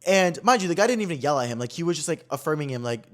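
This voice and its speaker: A man's voice: a little high, lively intonation, racing, a bit bright. A young man hosting his own podcast, telling a story in a casual, dramatic way full of "like" fillers. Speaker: podcast host.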